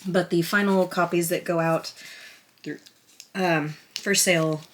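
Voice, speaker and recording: A woman with a slightly low-pitched voice talks to her viewers from behind a camera on a stand. She unboxes a tarot deck in a casual, chatty way, gushing and flustered, often restarting her sentences. She is openly emotional and near tears. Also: measured pace. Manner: excited, flustered and rambling, with many restarts. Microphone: camera on a stand at a table.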